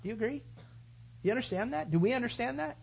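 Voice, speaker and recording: A preacher delivering an impassioned sermon full of rhetorical questions, swinging from loud appeals to hushed reflection. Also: medium pitch, lively intonation, fast, vocal fry, breathy edge, muffled recording.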